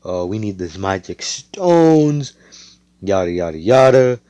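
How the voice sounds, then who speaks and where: Guy doing a smug villain guy taunting, dark low voice. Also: sing-song, takes it slowly, dry recording. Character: smug mocking male villain.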